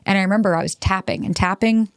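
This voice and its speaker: A woman's voice: mid-range voice, fast talker, smooth, no echo, studio quality. A woman hosting a self-help podcast, talking bluntly with plenty of swearing and acting out the voices of the people she quotes. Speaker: podcast host.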